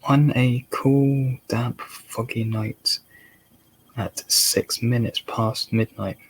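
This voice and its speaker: Slow, gravelly Dorset man reading aloud. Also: mid-range voice, fairly even intonation, poor audio. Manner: halting, rereads and sounds out words. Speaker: channel host reading a book aloud. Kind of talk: slow ASMR book reading.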